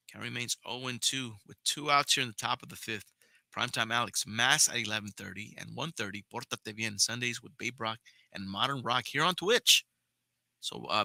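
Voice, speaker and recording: A man's voice: mid-range voice, creaky, sharp tone, no echo. A young man hosting a podcast, giving casual live play-by-play of a baseball game, chatting with viewers and swearing now and then. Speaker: podcast host and play-by-play caller.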